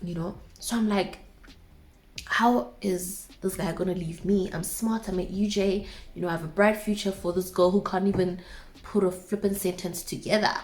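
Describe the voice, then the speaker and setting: A woman's voice: mid-range voice, steady tone, moderate pace, darkish tone. A young woman in her twenties with a South African accent, casually telling a dramatic personal story to her viewers with asides. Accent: South African English.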